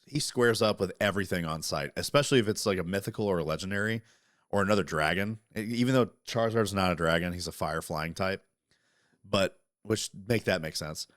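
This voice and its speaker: Man, very deep voice, casual podcast chat, cursing freely, dry close sound. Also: brisk, no echo. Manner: profane, animated, talks through interruptions. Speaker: podcast co-host.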